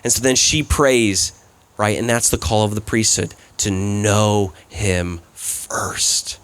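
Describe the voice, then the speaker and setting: Taking it slowly, a man speaks in a fairly low, clean, slightly bright voice with fairly even intonation. He's delivering a sermon as a guest preacher at a church service in an events center, storytelling in a loose, conversational way with frequent "like" and "right?".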